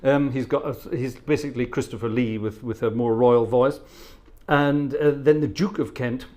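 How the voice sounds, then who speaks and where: A middle-aged man talks in a relaxed, rambling way about his old church choir, like an organist chatting between pieces on a live stream. His voice sits at an ordinary male pitch. He slips into little hummed choir lines and mimicked voices as he goes. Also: moderate pace. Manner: chatty storyteller who hums choir parts and mimics voices. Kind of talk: casual anecdotal chat during a live stream.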